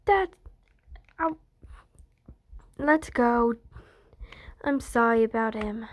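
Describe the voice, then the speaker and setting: A woman's voice: fairly high pitch, extremely slow. A woman voicing a fussy young man who scolds his friend and apologizes for him. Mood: scolding.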